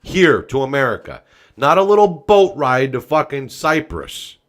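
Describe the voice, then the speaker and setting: A man hosting a political commentary podcast, swearing freely and ranting with loud outbursts, in a casual, folksy way of talking straight to his viewers. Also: medium pitch, big pitch swings, unhurried. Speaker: podcast host.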